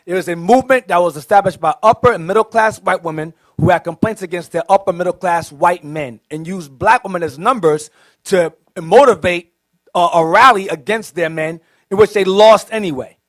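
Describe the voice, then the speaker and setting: High-voiced forceful man declaring points. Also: brisk, dry recording. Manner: forceful, declarative, repeats for emphasis. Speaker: deacon. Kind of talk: classroom teaching.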